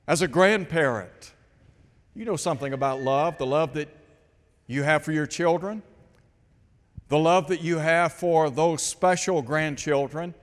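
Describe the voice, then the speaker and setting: Heard in a large hall, a fairly high-pitched male preacher delivers his sermon slowly and deliberately, citing scripture and asking the congregation rhetorical questions.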